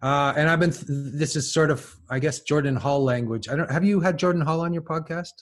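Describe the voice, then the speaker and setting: A man, a podcast guest, talking through ideas casually, stumbling and restarting his sentences as he thinks aloud. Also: a little high. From lives in France. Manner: halting, many restarts and repeated words, thinking aloud. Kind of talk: casual intellectual conversation.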